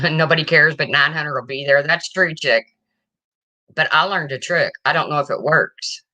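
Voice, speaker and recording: This livestream host has a low-pitched voice that sounds pushed and bright, moving at a moderate pace. She chats casually and responds to viewer comments as they arrive.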